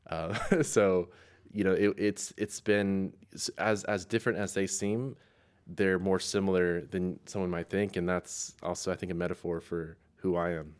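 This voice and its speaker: Young guy from east tennessee, super low voice, laid back, laughs a lot. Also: moderate pace, clear, resonant tone. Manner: relaxed, laughs often, many ums and likes. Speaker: musician guest. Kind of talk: casual interview answers.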